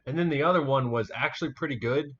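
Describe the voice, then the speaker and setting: A man's voice: medium pitch, quick pace, a bit bright, slight background noise. A man hosting a casual podcast chat, rambling and swearing freely with lots of fillers. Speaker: podcast host. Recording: muffled lo-fi home recording.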